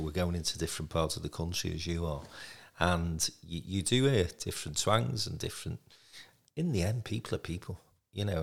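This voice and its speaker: Low gravelly guy hosting a podcast, chatty and encouraging, lots of ums. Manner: warm, encouraging, rambling with fillers. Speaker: podcast host. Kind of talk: conversational podcast interview.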